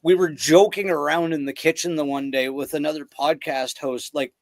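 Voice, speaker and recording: A man's voice: fairly high pitch, steady tone, normal speed, no echo. A man hosting a casual podcast, telling loose rambling stories and swearing freely. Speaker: podcast host.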